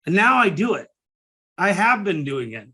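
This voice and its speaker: A middle-aged man talks through his solo podcast in a loose, rambling way, often stopping to restart a sentence. His voice sits a bit high for a man and has a bright, forceful edge. He gets openly emotional and swears now and then without a second thought. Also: very animated, moderate pace, husky. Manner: swears casually. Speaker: podcast host and business coach. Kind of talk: casual solo podcast monologue.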